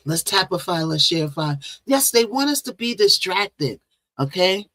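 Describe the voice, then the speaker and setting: A woman's voice: lowish voice, very animated, moderate pace, sharp tone, no room sound. A woman hosting a casual live stream, chatting and repeating herself as she greets viewers. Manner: chatty, repeats phrases, talks to viewers directly. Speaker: livestream host.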